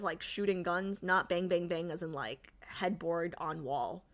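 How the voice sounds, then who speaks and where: A woman's voice: on the low side, normal speed, few pauses, a bit bright. A woman streamer in casual livestream chat, joking and reading out and answering her chat. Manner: chatty, jokey, reads and answers chat aloud.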